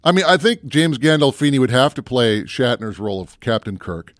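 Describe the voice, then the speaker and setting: A man's voice: medium pitch, sing-song, fairly quick, no echo, clean studio sound. A man co-hosting a casual movie chat show, rambling and musing aloud, often breaking off mid-thought. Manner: rambling, musing, self-interrupting. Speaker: podcast co-host.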